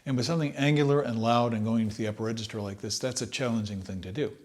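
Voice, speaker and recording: A man teaching trumpet, talking in a relaxed, thoughtful way and sometimes singing short phrases to demonstrate. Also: medium pitch, rapid-fire. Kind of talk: instructional talk.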